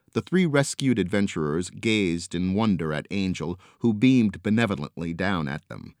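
A man narrating a whimsical children's fantasy story with expressive, varied delivery. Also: deep voice, no echo, studio quality. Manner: expressive, with lots of swing in delivery.

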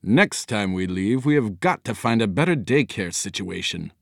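A practical middle-aged father in a storybook, speaking sharply and briskly, as the male narrator reads him. The voice moves up and down freely. The recording is close and dry. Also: lowish voice, expressive, creaky, no room sound. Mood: curt.

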